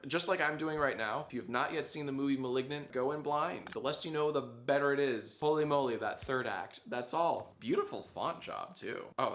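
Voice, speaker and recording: A man in his thirties, a streamer giving casual, jokey reaction commentary with quick asides. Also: a little high, sharp tone, roomy sound, slight background noise. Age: 30s.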